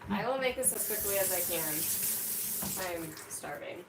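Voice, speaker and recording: A woman's voice: mid-range voice, expressive, moderate pace. A woman hosting a casual cooking vlog, chatting to viewers in a rambling way full of "like" while she works in her home kitchen. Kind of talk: casual chat to live viewers. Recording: roomy kitchen, distant mic, audible background noise.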